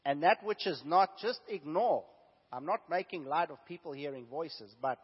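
A feverish pastor with a sore throat preaches in a husky, fairly high-pitched, expressive voice at normal speed. He moves from hushed asides to loud, emphatic exclamations. The audio is dull and lo-fi, with a long church hall echo.

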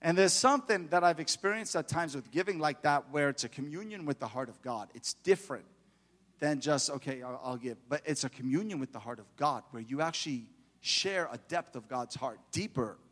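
A middle-aged man preaching a fervent sermon in church, building to loud exhortation. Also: fairly high pitch, expressive, brisk, in a large hall.

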